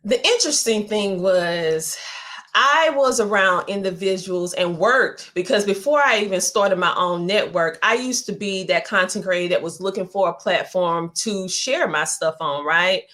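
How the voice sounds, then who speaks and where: A middle-aged woman with a heavy Southern accent, a podcast guest telling her story in a candid, animated conversational way. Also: medium pitch, a little slow. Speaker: podcast guest, media entrepreneur.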